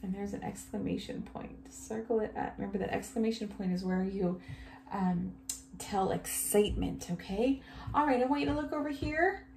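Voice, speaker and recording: A woman teacher giving a recorded reading lesson to young children, reading each line slowly and praising often. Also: mid-range voice, gravelly, darkish tone. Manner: slow, exaggerated reading aloud with cheerful praise. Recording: echoey room, faint background hum.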